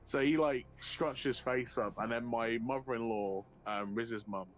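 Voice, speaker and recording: A man streaming a game, telling a long anecdote in a profane, animated way and often laughing. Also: mid-range voice, a little slow, a little hiss or hum. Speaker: livestreamer. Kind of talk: casual storytelling while gaming.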